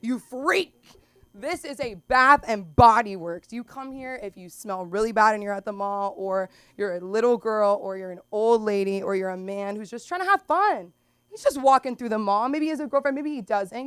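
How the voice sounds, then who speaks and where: A young woman performing an open mic stand-up set, rambling through stories with lots of "like" and "um" and bursting into loud put-on voices for the people she describes. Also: medium pitch, fairly quick, clean tone, no room sound. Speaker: stand-up comic. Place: small comedy club stage.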